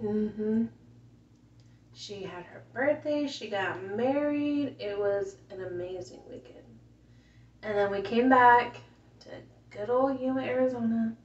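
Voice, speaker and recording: A woman with a slightly high voice tells a painful family story, softly and with feeling, pausing often on fillers. She sits back from the camera mic. The room echoes and the sound is dull. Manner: soft-spoken, emotional, many fillers. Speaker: mother telling her story. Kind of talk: casual personal storytelling. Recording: roomy, distant, dull home recording.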